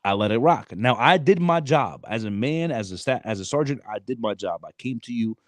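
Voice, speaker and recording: A man in his thirties co-hosting a podcast, telling a story in animated, slang-heavy casual chat. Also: mid-range voice, fairly quick, dry recording. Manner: animated, streetwise slang, frequent "bro". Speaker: podcast co-host.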